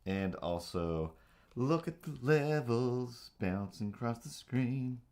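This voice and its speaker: A man's voice: mid-range voice, animated, slow pace, a little mellow. A man hosting his own livestream, chatting casually and playfully to himself and his cat in a rambling way. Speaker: livestream host.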